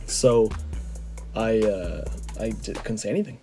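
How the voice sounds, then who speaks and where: A young man from Canada, a vlogger, telling a rambling, excitable story to camera, full of fillers and restarts. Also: fairly low pitch, measured pace, creaky, soft background music.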